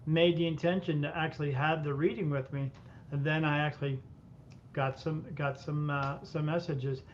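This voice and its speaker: A man, a medium, telling a lively story as a podcast guest, acting out the voices of people in it. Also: moderate pace. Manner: animated anecdotes, acting out quoted voices. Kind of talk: casual storytelling. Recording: muffled audio with faint rumble.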